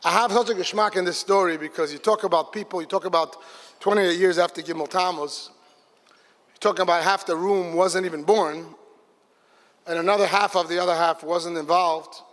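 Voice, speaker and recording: A man telling an animated story at a religious gathering, acting out the dialogue of the people in it. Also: sits high, a little fast. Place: large hall. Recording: live hall with long reverb.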